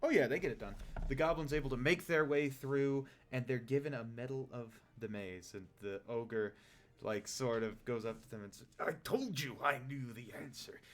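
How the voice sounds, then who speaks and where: A young man narrating a tabletop game as game master, relaxed and laughing easily. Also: medium pitch, moderate pace.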